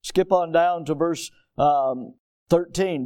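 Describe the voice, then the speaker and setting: A middle-aged pastor preaching a sermon, reading scripture aloud and rising to emphatic declarations. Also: male voice, fairly high pitch, animated, a little slow, warm tone.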